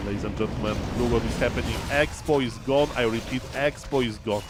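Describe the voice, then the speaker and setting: Male streamer, mid pitch; animated live play-by-play of his own game. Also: fairly quick, heavy background noise. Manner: animated, often says "ladies and gentlemen", thinks aloud with fillers. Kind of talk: live gameplay commentary.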